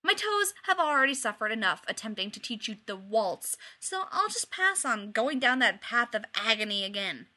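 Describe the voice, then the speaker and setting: A woman's voice: fairly high pitch, big pitch swings, normal speed, hardly any pauses, pushed and bright, exaggerated voice. A woman voicing a dramatic, flamboyant teenage boy who bursts out in theatrical exasperation. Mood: exasperated.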